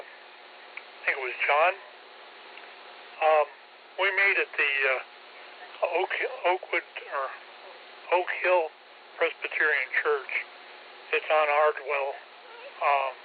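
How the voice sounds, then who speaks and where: A man on an amateur radio net giving club announcements, halting and full of fillers and self-corrections. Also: a little high, phone-quality sound. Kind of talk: casual radio net talk. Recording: thin two-way radio transmission with faint hiss.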